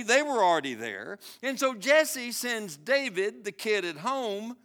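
Brief: male pastor, high bright voice, slow dramatic sermon delivery. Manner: dramatic storytelling, swinging between loud and hushed.

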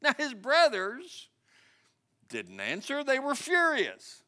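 Brief: male pastor, high bright voice, slow dramatic sermon delivery. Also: huge pitch swings. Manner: dramatic storytelling, swinging between loud and hushed.

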